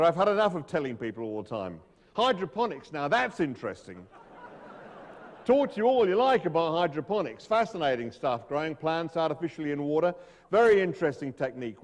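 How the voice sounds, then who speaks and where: A man's voice: on the high side, big pitch swings, a little fast, long reverb tail. A man reading aloud, putting on an Australian accent to voice a grumpy, rambling male venom scientist. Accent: Australian (put on). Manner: cranky, distracted, rambling.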